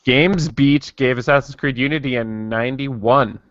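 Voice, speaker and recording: A man co-hosting a casual podcast who talks haltingly, repeating words and mumbling. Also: medium pitch, a bit bright, no room sound, dull audio. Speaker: podcast co-host. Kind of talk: casual chat.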